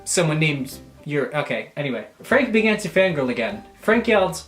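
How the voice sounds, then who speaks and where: A young man and YouTuber reading aloud for laughs, animated and crude, breaking off for mock-offended jokes. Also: on the high side, a little fast, hardly any pauses, reverberant, soft background music. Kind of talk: comedic reading aloud with asides.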